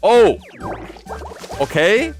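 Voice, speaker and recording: A young man, a gaming streamer, chatting casually and excitedly over gameplay, full of slang. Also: high-pitched, drawn-out words, soft background music. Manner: animated, slangy, says "dude" a lot.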